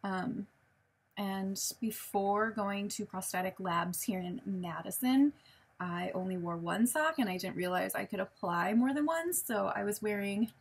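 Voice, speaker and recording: A woman's voice: medium pitch, measured pace, breathy edge. A woman, chatting casually in a show-and-tell vlog, rambling with many ums and self-corrections. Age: late 20s. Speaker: vlogger.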